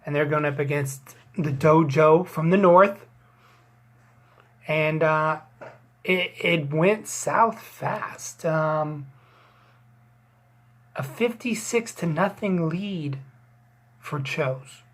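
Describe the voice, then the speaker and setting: Slow-talking wisecracking woman recapping. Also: sits low. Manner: wisecracking, rambling with fillers, playful crude asides. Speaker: fantasy football league recap host. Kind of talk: casual joking sports recap.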